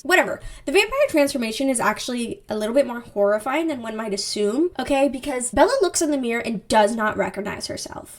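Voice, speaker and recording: A woman vlogger in casual chat, rambling with lots of "like" and sassy asides. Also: on the high side. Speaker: vlogger recapping a book.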